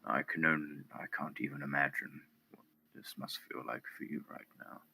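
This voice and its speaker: Guy playing a gruff reluctant hobbling companion, super deep but sharp voice. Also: steady tone, normal speed, slight background noise, heavily acted. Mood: earnest.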